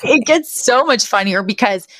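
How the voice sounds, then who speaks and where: A woman co-hosting a podcast, casually retelling a sitcom episode with animated storytelling, acting out the characters' lines and laughing often. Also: on the high side, moderate pace, no echo. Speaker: podcast co-host. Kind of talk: casual recap chat.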